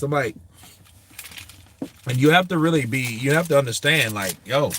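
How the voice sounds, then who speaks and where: A man's voice: mid-range voice, animated, moderate pace, pauses often, fairly bright tone. An American man hosting a casual boxing show, cursing often, laughing easily, and talking straight to his viewers. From United States. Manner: laughing often, loose and crude, talks to the chat. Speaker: boxing show host reading viewer comments. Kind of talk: casual profane chat.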